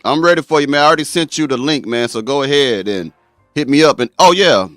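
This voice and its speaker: A man's voice: mid-range voice, animated, fast talker, fairly bright tone, no echo, clean studio sound, faint music behind. A man hosting a live-stream talk show, speaking bluntly and straight to his viewers. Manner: blunt, addresses viewers directly.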